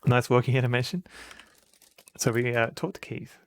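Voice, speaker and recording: A man's voice: mid-range voice, normal speed. A man streaming a retro game, giving wry, chuckling commentary and reading the game text aloud.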